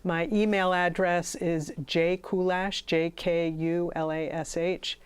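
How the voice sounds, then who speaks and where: A woman's voice: lowish voice, little pitch movement, takes it slowly, clean tone. A woman hosting a community television interview, friendly and chatty, thanking her guest and audience. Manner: friendly, chatty, laughs often. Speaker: community TV show host. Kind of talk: casual interview chat.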